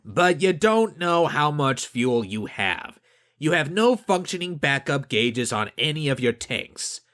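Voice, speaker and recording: Guy doing a fussy by-the-book inspector, middle-aged man, lively sing-song pitch. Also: measured pace. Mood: officious. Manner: officious, rule-bound. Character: officious middle-aged male ship inspector.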